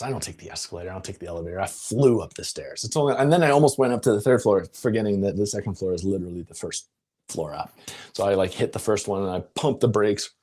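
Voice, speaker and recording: A man coaching on a live video, telling a story in a casual, animated way with laughs and quick voice switches. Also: fairly low pitch, breathy edge. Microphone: live-stream setup.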